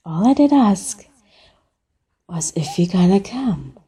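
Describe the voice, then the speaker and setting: Slow, breathy woman in teasing role-play. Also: medium pitch, sing-song, mellow. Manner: teasing, playful, drawn-out words. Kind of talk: flirty phone-call role-play.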